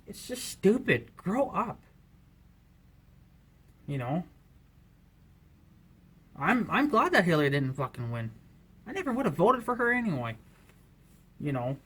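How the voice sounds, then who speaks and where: A man with a fairly high voice delivers a heated rant straight to camera as a vlogger. He swears constantly and circles back to "you know" again and again. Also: a bit bright, slightly rough. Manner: profane and heated, filler-heavy with repeated "you know". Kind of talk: angry political rant to camera.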